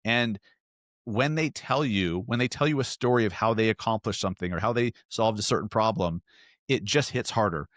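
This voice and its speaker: A man's voice: fairly low pitch, normal speed, a bit bright, no room sound, studio quality. A man hosting a solo podcast, talking earnestly and emphatically with frequent restarts. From Salt Lake area, US. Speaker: podcast host.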